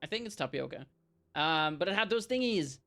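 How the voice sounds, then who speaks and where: A young man streaming a video game, excitably yelling at enemies and chatting between fights. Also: on the high side, fairly quick, gravelly, faint music behind. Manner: excitable, yells playfully at enemies. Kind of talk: live gameplay commentary.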